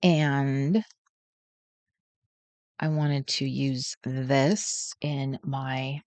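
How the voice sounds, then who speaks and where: A woman hosting a live crafting stream, chatting casually, thinking out loud and greeting viewers by name. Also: very deep voice, fairly even intonation, extremely slow, no room sound. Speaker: crafting livestream host. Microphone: desk setup with overhead camera.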